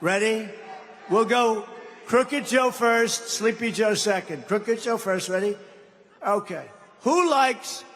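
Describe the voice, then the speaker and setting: A man's voice: sits high, takes it slowly, a bit bright, a little hiss or hum. An older man speaking as a political candidate at a campaign rally, rambling and mocking, teasing the crowd with asides. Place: large rally hall with crowd. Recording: long hall reverb, faint ambience.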